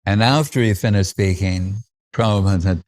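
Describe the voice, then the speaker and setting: A man's voice: fairly low pitch, normal speed. A man giving a devotional festival talk, recalling stories with frequent chuckles and fillers like "uh" and "like".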